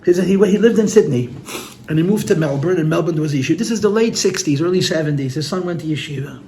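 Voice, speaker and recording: Quick-paced and dark in tone, with a fairly high pitch and a little hiss or hum, this man addresses a gathering as a rabbi. He tells stories with earnest feeling, repeats his words, and uses Yiddish and Hebrew vocabulary for the listeners in the room.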